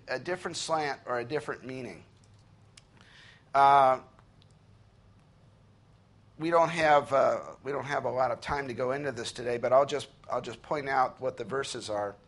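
A man preaching an earnest sermon, slowing down and lifting his voice when he reads scripture aloud. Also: medium pitch, a bit bright. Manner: earnest preaching, slows and rises to read scripture. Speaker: pastor.

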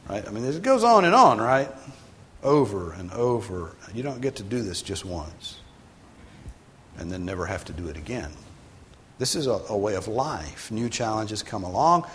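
A male pastor giving a sermon in a conversational way, sometimes rising for emphasis and then dropping low. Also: big pitch swings, moderate pace, a bit bright, a little hiss or hum. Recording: long hall reverb.

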